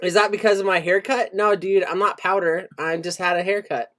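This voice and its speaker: Man, podcast host, casual chat, jokey, laughs a lot, shout-outs. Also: high voice, steady tone, a little fast.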